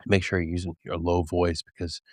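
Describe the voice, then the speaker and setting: A man's voice: low-pitched, little pitch movement, a little fast, dry recording, clean studio sound. A man in casual podcast conversation, telling stories earnestly and candidly. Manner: earnest, candid storytelling with acted quotes and laughs.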